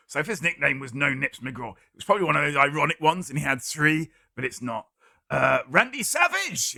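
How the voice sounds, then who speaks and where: A man hosting a live-streamed guessing game, reading out viewers' guesses and answering them with wry, deadpan jokes. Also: medium pitch, gravelly, husky, dry recording, studio quality.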